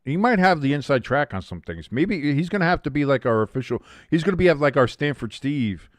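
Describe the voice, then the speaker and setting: A man hosting a live watch-along stream, chatting casually as an excitable fan and reading out comments from his chat. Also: on the high side, brisk, no room sound.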